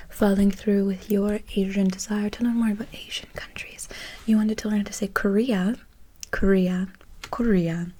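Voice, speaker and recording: A woman in a whispered role-play as a French tutor. She talks to the listener softly and encouragingly in a chatty way, close to the microphone. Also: mid-range voice.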